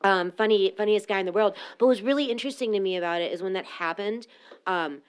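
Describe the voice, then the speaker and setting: A woman hosting a podcast in a casual group chat, chatty, quick to laugh and swearing freely. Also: mid-range voice, clear, resonant tone. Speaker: podcast host presenting research.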